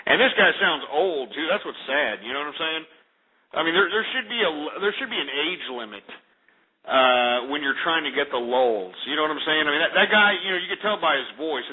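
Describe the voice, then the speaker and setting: A man's voice: mid-range voice, husky. A man hosting a call-in radio show, ranting and hurling insults at callers. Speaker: radio talk show host. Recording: lo-fi phone-like radio audio.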